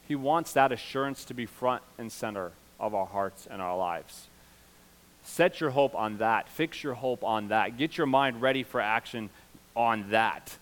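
A middle-aged male pastor preaching a sermon, swinging from loud, emphatic peaks to low, confiding asides.

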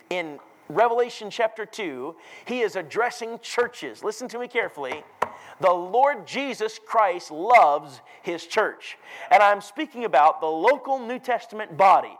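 A man preaching a sermon, emphatic and rising to loud declarations. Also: high voice, animated, moderate pace, poor audio.

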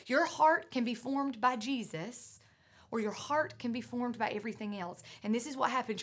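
A woman preaching a sermon, out of breath, earnest and emphatic, moving between loud urging and hushed lines. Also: on the high side.

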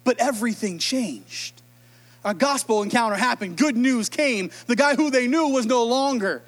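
Brief: an emotional, animated preacher with a very high voice, casual sermon. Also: male voice, normal speed. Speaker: pastor.

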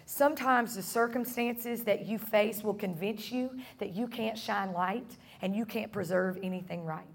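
A woman pastor preaching a sermon to her congregation, earnest and repeating phrases for emphasis, slowing and softening on her key lines. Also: mid-range voice, slightly rough. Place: church service room.

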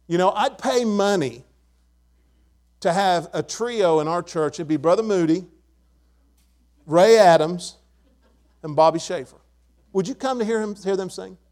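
Older man, pastor, sermon, emphatic, repeats key words, high-pitched. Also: a little mellow.

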